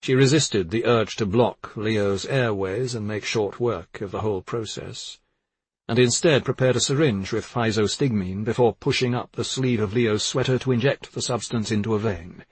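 A man narrating a thriller in a measured, subdued reading. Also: fairly low pitch, slightly rough, dry recording. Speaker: audiobook narrator.

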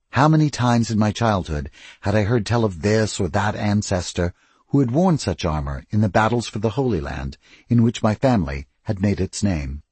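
Expressive male narrator, husky, lively, dry close sound; fits first-person audiobook. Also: fairly low pitch, no room sound.

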